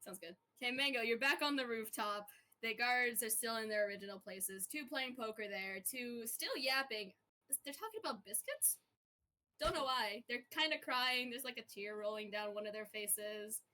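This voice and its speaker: A woman's voice: a little high, moderate pace, sharp tone. A woman running a roleplay as game master, narrating with a chatty, giggly, playful manner over a voice call. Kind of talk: narrating a tabletop-style roleplay.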